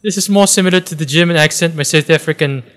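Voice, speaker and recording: A man's voice: a little high, fast talker, a bit bright. A man joking around with friends while playing a video game, trying out silly accents. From Philippines. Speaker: gaming video co-host. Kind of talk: casual gameplay banter.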